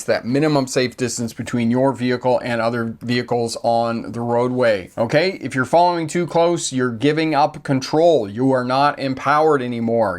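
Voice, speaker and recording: An older man teaches safe driving in an emphatic, instructional voice. He hammers home key phrases by repeating them and drops folksy asides along the way. His pitch sits in the ordinary middle range for a man. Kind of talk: instructional talk to camera.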